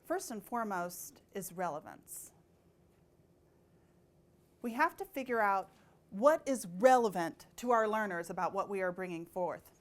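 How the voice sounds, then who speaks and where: A woman in her thirties, a conference speaker telling lively stories in a keynote talk and acting out the voices of people she quotes. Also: mid-range voice, measured pace, pauses often. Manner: animated, acts out quoted voices.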